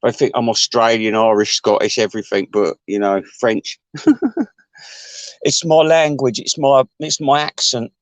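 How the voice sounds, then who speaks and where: A man chatting to his viewers in a rambling, sweary way, chuckling often and jumping his voice up high. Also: fairly even intonation, measured pace, dry recording. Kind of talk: casual rambling chat.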